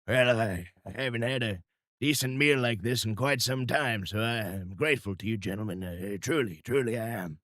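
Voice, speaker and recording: A man voicing an old frontiersman in a coonskin hat, with a folksy, halting, drawn-out way of talking. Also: fairly low pitch, a bit bright, no echo, clean studio sound, natural voice. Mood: grateful.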